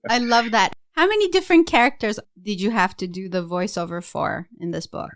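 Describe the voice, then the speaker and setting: A woman's voice: medium pitch, fairly quick, no room sound, clean studio sound. A woman hosting a podcast, asking a guest eager questions in a casual way. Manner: curious, asks eager questions. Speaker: podcast host. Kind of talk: casual interview.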